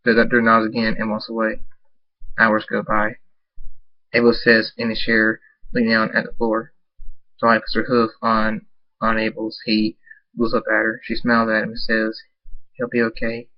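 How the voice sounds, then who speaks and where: A man reads his own fan fiction aloud in a flat, even voice. He stumbles and repeats words as he goes. The recording is dull and lo-fi. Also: on the low side, normal speed, pauses often. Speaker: storyteller.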